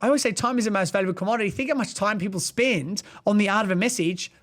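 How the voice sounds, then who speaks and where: A passionate, emphatic man co-hosting a casual podcast discussion. His voice sits high for a man. He leans hard into whatever point he is making. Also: very fast, a bit bright. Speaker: podcast co-host.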